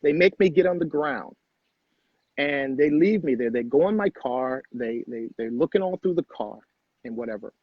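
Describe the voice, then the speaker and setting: Husky middle-aged man, earnest storyteller. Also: mid-range voice, expressive, normal speed, no echo, highs cut off. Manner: earnest, repeats phrases for emphasis. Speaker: guest. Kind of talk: personal storytelling in conversation.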